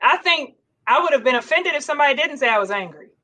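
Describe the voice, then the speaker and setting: A woman's voice: sits high, expressive, fast, pushed and bright. A woman guest in a casual interview, speaking candidly and self-mockingly, laughing often.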